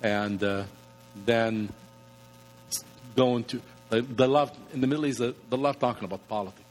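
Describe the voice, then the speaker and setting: A plainspoken man gives practical advice as a guest, his grammar slightly nonstandard. He sits at a middle pitch, and long reverb trails after his voice. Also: moderate pace. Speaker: guest speaker on evangelism. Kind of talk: conversational advice. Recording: reverberant room.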